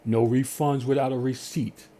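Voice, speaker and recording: A man's voice: mid-range voice, normal speed. A man telling a story in a casual rant, acting out customer service calls in different voices. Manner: animated storytelling, acts out phone calls in voices. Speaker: podcast host.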